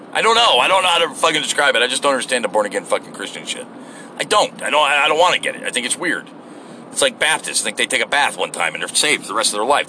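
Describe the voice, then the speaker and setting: A man's voice: mid-range voice, a little hiss or hum. A middle-aged man giving a blunt, profane rant to camera in a casual vlog, out near his home. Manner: blunt and swearing, animated. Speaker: vlogger.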